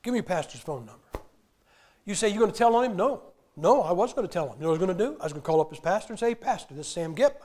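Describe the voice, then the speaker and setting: Animated higher-voiced preacher. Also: male voice, rapid-fire. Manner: animated storytelling, acting out quotes with sudden loud outbursts. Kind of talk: sermon.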